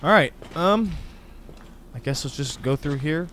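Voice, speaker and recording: An excitable man talks through a horror game as he plays, full of exclamations and casual slang. His voice sits a little high for a man. A faint hiss runs under the recording. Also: unhurried. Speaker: gaming channel host. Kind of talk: let's play commentary.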